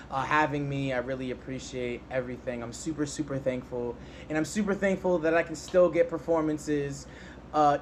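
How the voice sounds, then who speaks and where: A man's voice: mid-range voice, a little hiss or hum. A male performer giving an earnest, repetitive thank-you to the organizers. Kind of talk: casual thank-you speech.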